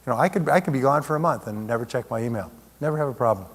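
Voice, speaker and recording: A man with a mid-range, expressive voice speaks at a rapid-fire clip. He's a motivational speaker giving a live seminar talk, conversational and full of rhetorical questions. The recording carries a long hall reverb.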